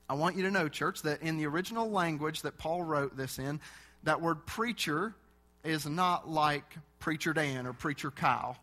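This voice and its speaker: A man's voice: a little high, normal speed, bright, forceful tone. Earnest man preaching a sermon. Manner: earnest, storytelling with direct appeals to the church.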